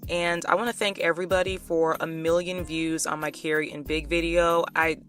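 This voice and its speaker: A woman's voice: fairly low pitch, flat delivery, brisk, a bit bright, faint music behind. A woman vlogger giving a casual, sarcastic commentary recap of a TV couple. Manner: chatty and sarcastic.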